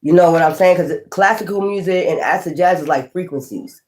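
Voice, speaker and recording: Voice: mid-range voice, a little mellow. Laughing, swearing tarot reader. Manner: laughs often and swears casually; acts out imagined people in quick asides. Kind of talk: casual tarot reading.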